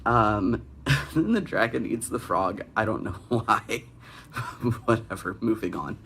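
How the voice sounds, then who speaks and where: A man's voice: lowish voice, takes it slowly, fairly bright tone, slight background noise. A young man hosting a comedic critique of bad fan fiction, with sarcastic, exasperated asides. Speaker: fanfic critic and host.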